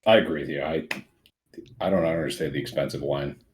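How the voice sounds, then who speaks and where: A man's voice: very deep voice, fairly even intonation, brisk, a little hiss or hum. A man playing a tabletop game, asking questions in a friendly, inquisitive way as his character. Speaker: player.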